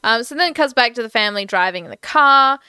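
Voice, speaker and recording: Aussie woman gushing about a movie, bright clear voice, a bit high. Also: animated, fast, no echo. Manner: enthusiastic, swears, laughs often. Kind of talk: casual film recap chat.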